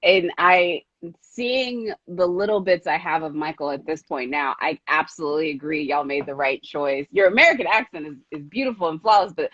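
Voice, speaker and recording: A woman's voice: sits low, moderate pace, fairly bright tone, no room sound. A woman hosting an interview, enthusiastic and gushing like a fan, with casual slang. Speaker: interviewer host. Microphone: video call. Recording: dry lo-fi livestream audio.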